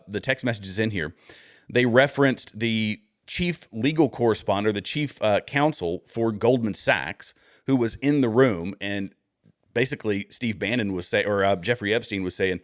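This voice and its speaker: A man's voice: on the low side, no echo, clean studio sound. A man giving casual, rambling political commentary on a livestream, thinking aloud with many fillers and restarts as he searches for posts.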